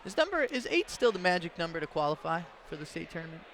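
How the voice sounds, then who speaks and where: Male play-by-play announcer, bright and a bit high, relaxed chatty calls, faint gym hum behind. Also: fast talker. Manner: easygoing, chatty, laughs along with his partner. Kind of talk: basketball commentary.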